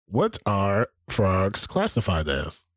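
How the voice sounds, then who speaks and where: Male co-host, playful quizmaster, animated delivery, dry mic. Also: low-pitched, slow, no echo. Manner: teasing quizmaster, laughs often. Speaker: podcast co-host. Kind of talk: casual podcast chat.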